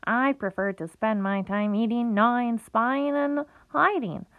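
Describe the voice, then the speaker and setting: A woman's voice: on the high side, measured pace, no room sound, close to an everyday voice. A woman voicing a crafty, gluttonous male rat who talks in a sour, scornful way, on a tinny phone-like recording.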